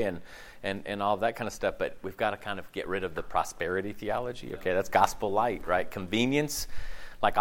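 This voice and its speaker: Animated conversational male pastor preaching. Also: mid-range voice. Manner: conversational, animated, many rhetorical "okay?"s and quick mocking asides. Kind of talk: sermon.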